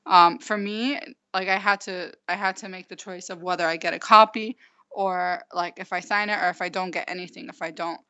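A woman in her twenties from the United States, recounting events in a halting way with many fillers and restarts. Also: on the low side, steady tone, bright, forceful tone. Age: 20s. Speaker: interview guest. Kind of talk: casual recounting. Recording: dull lo-fi recording.

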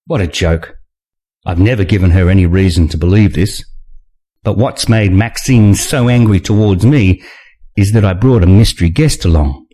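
Wry, expressive man narrating. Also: on the low side. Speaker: audiobook narrator. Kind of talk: first-person thriller narration.

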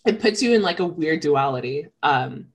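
A woman's voice: deep voice, lively intonation, moderate pace. A woman co-hosting a podcast in casual chat, speaking in a thoughtful, hesitant way with many fillers. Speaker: podcast co-host.

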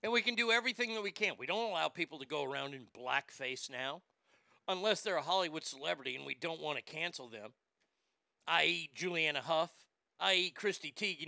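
A man's voice: on the high side, fast talker, gravelly, bright, forceful tone, no room sound, studio quality. A man hosting a sports show, delivering a profane, ranting monologue and stammering over repeated words.

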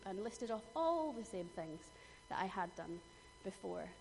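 A woman's voice: mid-range voice, very animated, a little slow, gravelly, few pauses, darkish tone. A middle-aged woman preaching a sermon, telling personal stories in an earnest way, with emphatic bursts. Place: church hall. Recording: long hall reverb, faint noise.

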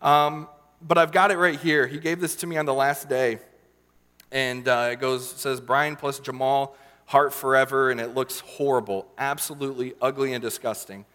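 A young man telling a personal story in a sermon, earnest and emotional, with many fillers and pauses. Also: mid-range voice, a bit bright, big-room sound. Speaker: youth leader giving a sermon.

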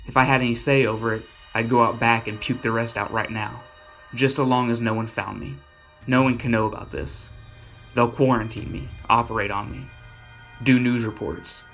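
A man narrating a first-person horror story in a gritty, blunt and deadpan way. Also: medium pitch, moderate pace, gravelly, soft background music.

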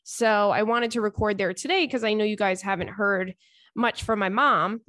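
A woman's voice: mid-range voice, normal speed, a bit bright, no echo, clean studio sound. A woman hosting a casual solo podcast from home, telling candid, profane stories in a chatty way. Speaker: podcast host. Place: home, indoors.

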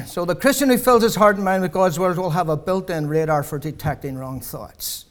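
Addressing a congregation, a man preaches in waves, from loud, emphatic heights down to low tones, with rhetorical questions coming again and again. His pace is moderate, and he runs out of breath as he continues.

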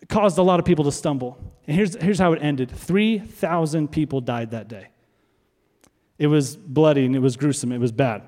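A man's voice: fairly high pitch, a little mellow. A man preaching a sermon as pastor, emphatic, repeating key phrases and asking rhetorical questions. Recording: long reverb of a large hall.

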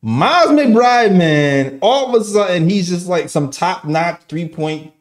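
A man's voice: a little high, a little slow, darkish tone. A man co-hosting a postgame show, talking in a hyped, slangy, joking way. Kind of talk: casual sports chat.

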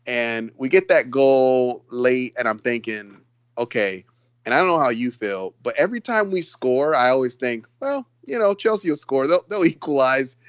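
A man co-hosting a casual football podcast, talking in an excitable, rambling way and laughing often. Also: mid-range voice, moderate pace, clear, resonant tone, no room sound, lo-fi sound. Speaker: podcast co-host. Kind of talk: casual sports chat.

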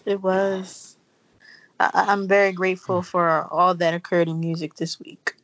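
A woman co-hosting a podcast, chatting playfully about music and quick to laugh. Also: lowish voice, little pitch movement, fairly bright tone. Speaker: podcast co-host. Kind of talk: casual music chat. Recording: dull lo-fi recording.

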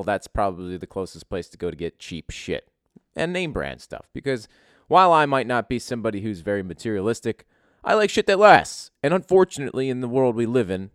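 A man's voice: fairly low pitch, dry recording, clean studio sound. A man hosting a casual podcast, telling a crude, joking story full of swearing. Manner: profane, joking, animated. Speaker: podcast host.

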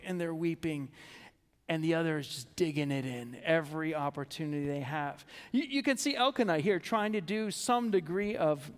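A male pastor preaching an earnest sermon, stumbling into restarts and dropping to a hush on heavy words. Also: a little high, clean tone, long reverb tail.

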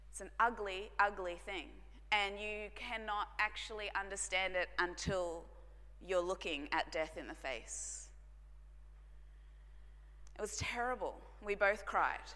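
Woman preaching in a reverberant hall. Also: medium pitch. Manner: earnest storytelling, drops to soft hushed tones for emphasis. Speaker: pastor. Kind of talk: sermon testimony.

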